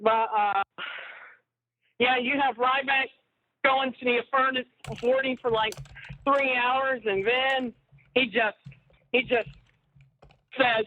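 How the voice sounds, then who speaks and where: Joking male caller, high voice, rambling chat over a tinny phone line. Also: fairly even intonation, slow, long pauses. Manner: joking, rambling, prone to pranks. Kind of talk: casual chat.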